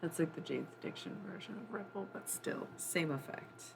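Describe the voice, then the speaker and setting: A woman's voice: lowish voice, lively intonation, moderate pace, gravelly, noisy background. A woman hosting a casual livestream from her desk, playful and rambling, now and then singing bits of songs. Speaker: livestream host. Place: home room at a desk.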